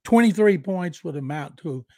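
Older guy with a gravelly voice on a sports podcast, dry matter-of-fact takes. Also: high voice, lively intonation, normal speed, darkish tone, no echo. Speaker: football writer and co-host.

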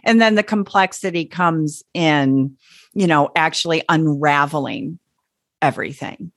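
A woman working as a parenting coach, explaining calmly and gently in a casual talk. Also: deep voice, measured pace, dry recording, clean studio sound.

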